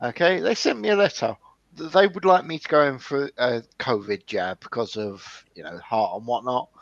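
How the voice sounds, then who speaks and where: A man's voice: medium pitch, normal speed, creaky, no echo, dull audio. A man hosting a casual chat with a dry, sardonic way of talking.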